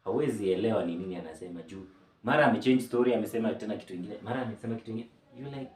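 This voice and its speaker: A man's voice: fairly low pitch, very fast, a little mellow, recorded from a distance. A man explaining a topic in a casual, chatty way, with jokey asides. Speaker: mental health explainer. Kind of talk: casual educational talk. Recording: roomy sound from off-mic.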